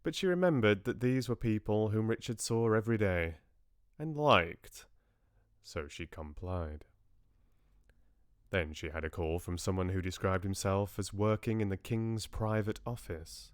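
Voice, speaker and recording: A man reading a novel aloud on a livestream in a measured, expressive way. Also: fairly low pitch, no echo, studio quality. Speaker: book club host reading aloud. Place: home livestream.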